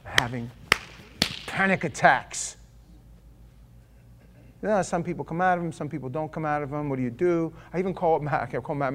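A middle-aged male preacher with a fairly high voice tells a personal story to an audience. He is animated and self-deprecating, jumping from loud bursts to hushed confession as he acts out his own thoughts. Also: normal speed, long pauses, slight background noise. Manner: animated, swinging between loud outbursts and quiet confession.

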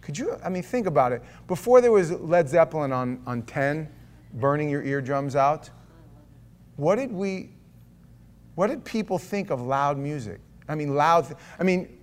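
Reading scripture aloud at a normal pace, this middle-aged pastor delivers a sermon in a highish voice. Every so often he stops for lively, chatty asides and jokes.

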